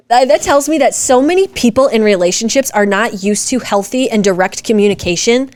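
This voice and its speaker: A woman's voice: fairly high pitch, expressive, normal speed, darkish tone, dry recording. A woman co-hosting a casual chat, reacting to comments in a blunt, fired-up way and swearing freely. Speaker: podcast co-host.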